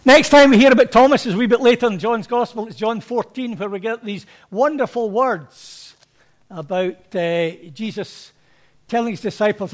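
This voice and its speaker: A man's voice: extremely high pitch, normal speed. A man preaching a sermon to his congregation in a chatty, conversational way. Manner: conversational, anecdotal, acts out quotes. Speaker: pastor.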